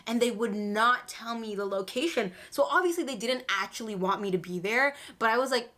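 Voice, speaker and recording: A woman's voice: a little high, fairly quick, hardly any pauses, bright, forceful tone. A woman in her twenties telling embarrassing fan stories in a casual vlog, self-mocking and dramatic, swearing casually. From Canada. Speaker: vlogger.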